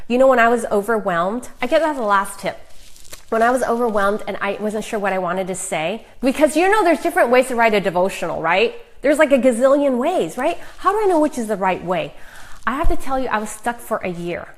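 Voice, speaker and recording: A middle-aged woman author giving a chatty, emphatic live talk of faith encouragement to viewers, with fillers and quick asides. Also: on the high side, poor audio. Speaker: author and Christian speaker.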